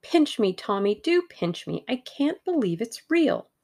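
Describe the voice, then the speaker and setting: A woman's voice: lowish voice, measured pace, vocal fry. A woman voicing an eager, bubbly young woman. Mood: excited. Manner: excited, bubbly, gushing.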